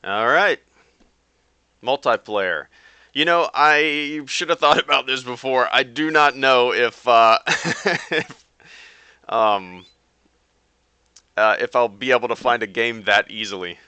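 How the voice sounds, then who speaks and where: A man's voice: mid-range voice, slow pace, long pauses, pushed and bright, clean tone, no echo. A man chatting casually with viewers on a live stream while he plays a game, rambling with lots of fillers and restarts. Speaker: YouTube streamer.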